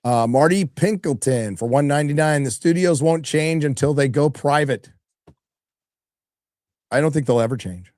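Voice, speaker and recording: A man's voice: fairly high pitch, moderate pace, darkish tone, dry recording, clean studio sound. A middle-aged man hosting a live stream, chatting casually, swearing freely and reading viewer donation messages aloud. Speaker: livestream host reading donations.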